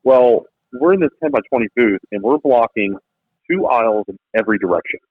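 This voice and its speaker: Animated man telling a story over a phone line. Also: medium pitch, brisk, breathy edge, no echo. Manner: lively, acts out quotes in shifting voices. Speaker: podcast guest, business founder. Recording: tinny phone-like line, dry.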